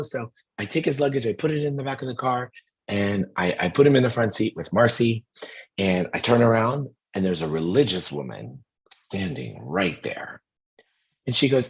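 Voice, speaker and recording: A middle-aged man with a hoarse voice, telling a story in a casual, animated way and acting out the people in it. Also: mid-range voice, normal speed. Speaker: host.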